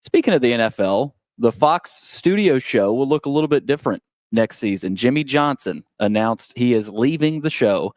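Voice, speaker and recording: A man's voice: medium pitch, lively intonation, moderate pace, hardly any pauses, dry recording. Man reading a sports news update. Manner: conversational reading, with small restarts. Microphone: studio microphone.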